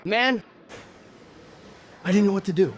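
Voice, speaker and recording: A man from Brazil doing stand-up, telling a story in an animated way, exclaiming and swearing. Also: high-pitched, measured pace, background noise. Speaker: stand-up comedian.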